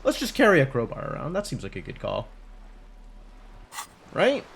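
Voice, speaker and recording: A man streaming a video game live, talking through it in an animated, rambling, self-amused way. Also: medium pitch, normal speed, vocal fry, slightly rough. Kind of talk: live gameplay commentary.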